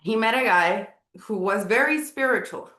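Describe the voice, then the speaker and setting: A woman's voice: a little high, lively intonation, normal speed, a bit bright. A woman from Guatemala, giving a casual live talk on Maya wisdom in a chatty way, full of apologetic asides and fillers. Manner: chatty, apologetic asides, frequent "like" and "you know". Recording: roomy echo.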